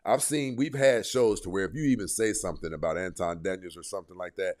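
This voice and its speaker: A man's voice: sits low, animated, brisk, darkish tone. A man hosting an online commentary show, reacting to clips in a heated, emphatic way and repeating points for emphasis.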